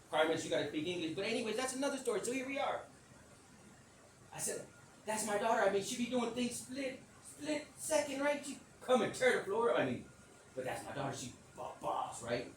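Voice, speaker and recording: A man who calls himself a psychic medium tells a rambling personal story. He talks loudly and acts out what people said, often laughing. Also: very high-pitched, fairly quick, slight background noise. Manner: animated, loud, acts out quotes and laughs often. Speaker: self-described psychic medium telling a story. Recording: echoey, distant mic with faint ambience.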